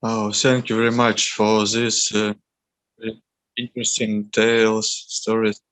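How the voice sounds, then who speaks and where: A man's voice: lowish voice, level tone, a bit bright, dry recording, low-quality recording. A polite man on a video call, hesitantly wrapping up a session as moderator. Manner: halting, polite.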